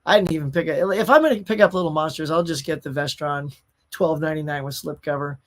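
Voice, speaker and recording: A man's voice: on the high side, fast talker. A man hosting a casual live stream, chatting about new movie releases and reading out viewer comments, often calling his viewers y'all. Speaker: host.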